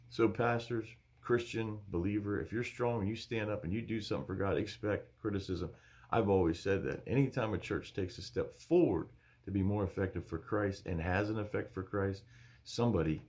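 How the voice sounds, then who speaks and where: A male pastor teaching from the Bible in an emphatic, animated preaching style. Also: sits low.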